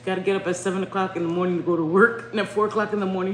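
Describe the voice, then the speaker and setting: A middle-aged woman chatting casually on a home live stream, loud and swearing, laughing a lot. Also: medium pitch, steady tone, rapid-fire. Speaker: livestream host. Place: home bedroom at night. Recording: echoey room with faint noise.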